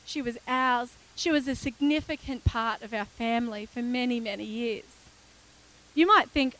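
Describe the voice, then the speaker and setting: A woman's voice: a little high, moderate pace, fairly bright tone, rough recording. A woman preaching a sermon, earnest and emphatic, repeating key phrases and often chuckling.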